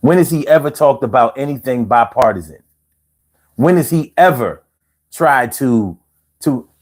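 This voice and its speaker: A man hosts a casual live stream and speaks straight to his chat, swearing freely as he rants. He takes his time, and his pitch jumps around a lot. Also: a little mellow. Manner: profane, talks straight to viewers in chat. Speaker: livestream host.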